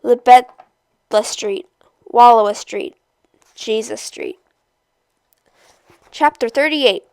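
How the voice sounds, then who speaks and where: A woman reading a novel aloud chapter by chapter, in a steady, measured storytelling voice. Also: a little high, clear, resonant tone, no echo. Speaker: storybook reader.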